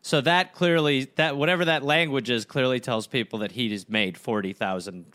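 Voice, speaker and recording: A man's voice: medium pitch, normal speed, pushed and bright. A man co-hosting a comedy podcast, joking and riffing on his partner's story. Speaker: podcast co-host. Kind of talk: casual comedic banter.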